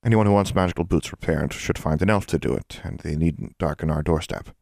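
A man's voice: a bass voice, a little fast, gravelly, a little mellow, no room sound, studio quality, exaggerated voice. A man voicing Drusilla, a stern and proper grown woman witch, with a cold, clipped, disapproving manner, in an audiobook. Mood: weary. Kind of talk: audiobook character voice.

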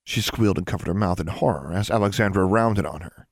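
A man narrating a fantasy audiobook in a steady, measured storytelling manner. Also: low voice, gravelly, no room sound, clean studio sound. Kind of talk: scripted narration.

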